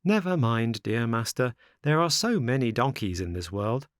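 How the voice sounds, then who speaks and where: A man's voice: medium pitch, expressive, moderate pace, no echo, studio quality, lightly acted. A man voicing a cheeky, boastful wooden puppet boy with a playful, mocking, sing-song manner.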